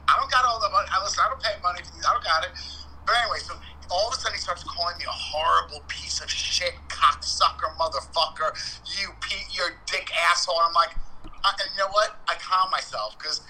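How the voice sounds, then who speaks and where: A man chats on a podcast in an animated, theatrical way, blunt and full of profanity. His voice is strikingly bright and forward. A faint hiss of noise sits under the recording. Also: sits high, brisk, rough recording. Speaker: podcast co-host. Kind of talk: casual chat.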